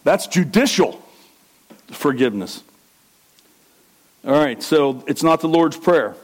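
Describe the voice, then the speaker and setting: A pastor preaching to a congregation in a conversational way, asking questions and joking. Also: male voice, on the high side, expressive, slow pace. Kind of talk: sermon.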